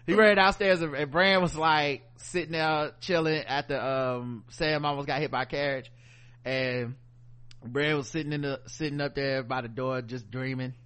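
A man casually recapping a TV episode, animated and profane, acting out the scenes as he goes. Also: on the high side, normal speed, clean tone. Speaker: podcast host.

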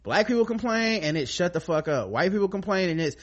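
A man's voice: sits high, lively intonation, a little fast, lo-fi sound. A man co-hosting a casual podcast, reading listener mail and talking bluntly and profanely.

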